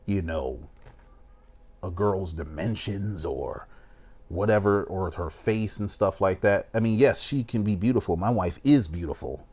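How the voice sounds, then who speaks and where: Man, young, casual preachy reaction talk, lowish voice. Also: expressive, a little slow, darkish tone, husky. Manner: emphatic, preachy, keeps saying "you know what I'm saying". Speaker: reaction video host. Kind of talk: casual commentary.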